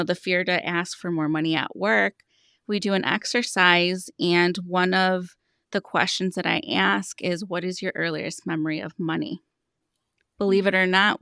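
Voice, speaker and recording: A woman's voice: on the low side, pushed and bright, smooth, dry recording, studio quality. A woman in her thirties, a money coach, talking earnestly on a podcast and explaining with stories about her clients. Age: 30s. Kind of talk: podcast conversation, storytelling.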